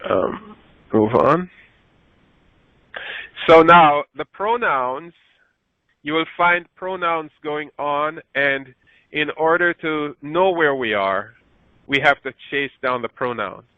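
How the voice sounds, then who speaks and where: A man's voice: expressive, takes it slowly, long pauses, dry recording. A man teaching a Bible lesson from slides, lifting his voice when he reads scripture aloud and stopping to correct himself. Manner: rises in pitch when reading scripture aloud, self-correcting. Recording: dry, phone-like narrow sound.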